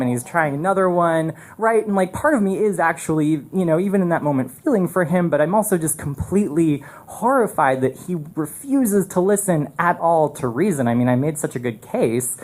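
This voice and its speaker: A man tells a story on a live stage through a microphone, his delivery animated and rambling. He circles back with restarts and fillers as he builds the scene, in a loose, spoken style rather than a polished read. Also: a little high.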